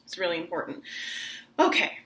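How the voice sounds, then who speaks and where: A woman's voice: lowish voice, big pitch swings, brisk, fairly bright tone. Opera-singer woman as voice teacher, casual and chatty, slips into acted lines. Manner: chatty, full of "like" fillers; acts out short dramatic quotes mid-explanation. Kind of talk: casual online singing lesson.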